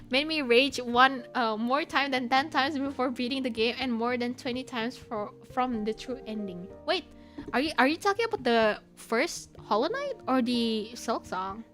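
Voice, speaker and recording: A young woman streaming and chatting casually with her viewers, giggling often and squealing when excited. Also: sits high, unhurried. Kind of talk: casual chat with chat. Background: soft background music.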